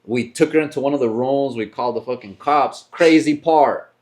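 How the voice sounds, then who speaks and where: A man's voice: mid-range voice, moderate pace, darkish tone. A young man co-hosting a podcast, telling a long story in a rambling, restarting way, full of swearing and "bro". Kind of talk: casual storytelling chat.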